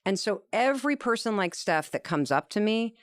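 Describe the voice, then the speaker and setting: A woman's voice: mid-range voice, normal speed, no room sound, clean studio sound. A woman telling an earnest, emphatic story as a guest in an interview conversation. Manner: animated, acts out quoted dialogue.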